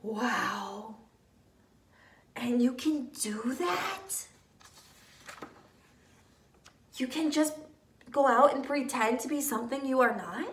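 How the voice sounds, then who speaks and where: A woman voicing a curious, easily alarmed young male elephant in a children's storybook reading, asking slow, wondering questions. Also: high voice, lively intonation, fairly bright tone, heavily acted. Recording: echoey room, distant mic.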